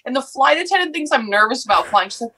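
A bright, clear-toned woman in her thirties tells a story in relaxed podcast chat. She is outspoken and lively, jumping up in pitch whenever she acts out what someone said. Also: fast, slight background noise, low-quality recording. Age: 30s. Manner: animated, laughing, acts out quotes in high voice. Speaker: podcast guest, football fan.

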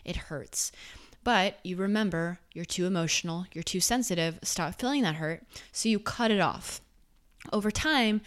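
A woman speaking casually and earnestly about emotions and intuition, acting out quoted inner thoughts with quick asides. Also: fairly low pitch, clear, resonant tone. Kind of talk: casual spoken reflection.

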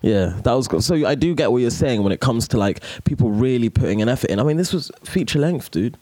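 A young man tells stories on a casual podcast, his voice jumping up and down in pitch. He laughs often as he talks. His voice is mid-pitched and sounds close and dry. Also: fast, no echo. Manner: animated storyteller, laughs while talking. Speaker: podcast co-host. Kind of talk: casual chat.

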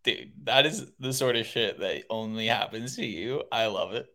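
A man co-hosting a podcast, talking in a relaxed, laid-back way in casual chat and then closing out the episode. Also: lowish voice, moderate pace. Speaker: podcast co-host.

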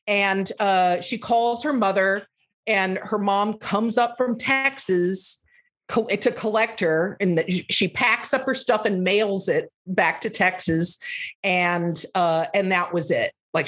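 Animated woman telling a rambling story. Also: mid-range voice. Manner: rambling, with many fillers and restarts; animated, acting out quotes. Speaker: comedy podcast guest. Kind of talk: casual storytelling anecdote.

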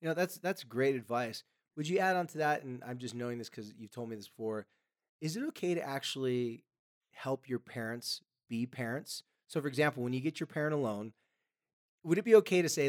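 A man's voice: medium pitch, fairly quick. A man hosting an advice podcast, chatting casually with frequent ums, coughing now and then. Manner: relaxed, with frequent ums and quoted voices. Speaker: podcast host.

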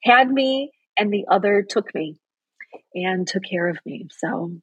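Middle-aged woman, husky voice, earnest heartfelt storytelling, dry close sound. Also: mid-range voice, animated, measured pace, no room sound, dull audio. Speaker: TV news anchor, interview guest. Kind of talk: personal storytelling in an interview.

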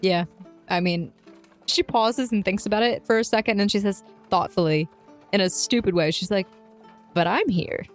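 A woman's voice: medium pitch, moderate pace, faint music behind. Teasing woman at a tabletop game. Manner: teasing, narrates her character's actions. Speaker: tabletop player. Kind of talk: tabletop role-play narration.

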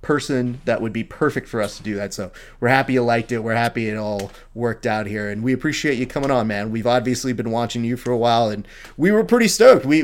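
A man's voice: mid-range voice, a little mellow. A man co-hosting a grappling podcast, loose and joking, swearing casually as he talks with a guest. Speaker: podcast co-host.

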